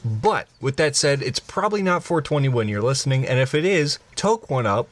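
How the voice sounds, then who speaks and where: A young man from northwest Indiana hosting a casual podcast, trading quick jokes with a friend. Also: mid-range voice, lively intonation. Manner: joking, quick banter. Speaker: podcast host. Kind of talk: casual chat.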